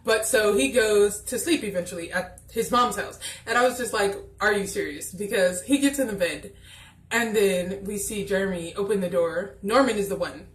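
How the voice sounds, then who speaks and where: A woman's voice: mid-range voice, normal speed. Brief: woman, casual vlog reviewer, chatty and exasperated, in a roomy echoey room. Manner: chatty, exasperated, acts out scene dialogue.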